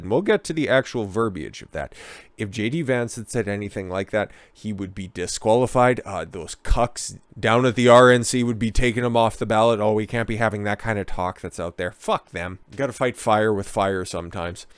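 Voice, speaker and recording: A man's voice: on the low side, dry recording. A man doing a profane, sarcastic and combative political commentary rant. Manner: mocks others in put-on whiny voices.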